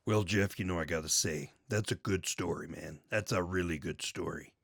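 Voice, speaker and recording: A man's voice: sits low, normal speed, vocal fry, a bit bright, no room sound, studio quality, full character voice. A man voicing a laid-back hippie co-host with an easygoing, drawling way of talking. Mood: mellow. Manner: drawling, easygoing, says "man" and "stay cool". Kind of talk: casual show sign-off.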